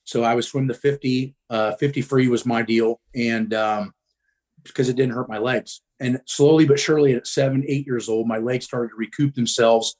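A middle-aged Midwestern man speaks as a guest, telling his story bluntly and casually, swearing freely and filling pauses with ums. His pitch is ordinary for a man, with fairly even intonation and a darkish tone.

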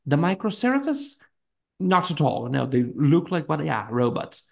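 A man's voice: fairly high pitch, big pitch swings, normal speed, vocal fry. A man co-hosting a podcast, chatting casually and rambling with lots of fillers and frequent laughter. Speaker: podcast co-host.

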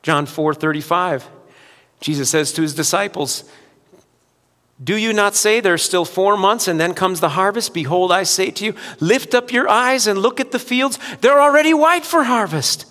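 High-voiced bright preaching man. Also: moderate pace, long reverb tail. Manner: swings from loud preaching to quiet, soft-spoken appeals. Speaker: pastor. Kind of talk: sermon.

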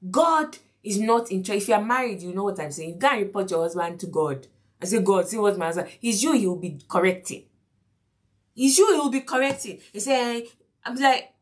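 A woman's voice: medium pitch, expressive, a little fast. A woman preaching a sermon lesson, repeating key lines, asking the listeners questions and acting out the quotes. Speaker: preacher and teacher.

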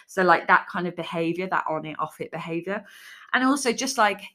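Chatty woman with a low voice. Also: expressive, a little fast, a bit bright. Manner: chatty, frank, peppered with "like". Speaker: podcast host and food coach. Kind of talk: casual solo podcast talk.

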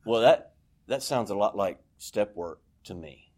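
A man's voice: on the low side, lively intonation, measured pace, darkish tone. A man speaking candidly and at length as the speaker at a recovery meeting in a church, rambling and confessional. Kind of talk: personal share at a recovery meeting.

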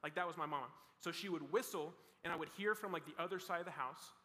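A young man gives a youth sermon in a loose, conversational way, full of fillers and restarts. His voice sits high and bright. Long reverb from a big hall hangs behind every phrase. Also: quick pace. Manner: casual, rambling with many "like" fillers and restarts. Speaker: youth pastor. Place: large hall with a student audience.

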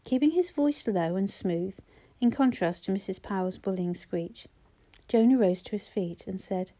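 A woman reading a novel aloud as audiobook narrator, steady and expressive. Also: medium pitch, normal speed. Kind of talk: scripted narration.

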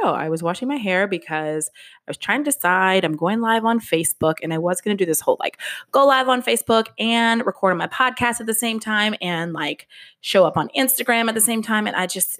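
A woman's voice: mid-range voice, animated, brisk, a bit bright. A woman hosting her own podcast in casual solo chat, out of breath and candid, laughing at herself. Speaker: podcast host. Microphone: podcast microphone.

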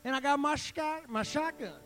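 A man's voice: very high voice, moderate pace, a bit bright, soft background music, voice pushed up. A man voicing a brash, folksy male country radio host. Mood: rowdy.

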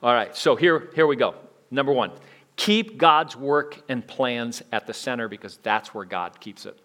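A man preaching a sermon in a conversational way, with frequent restarts and big swings between loud emphasis and quiet asides. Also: mid-range voice, lively intonation, normal speed. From United States. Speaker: pastor.

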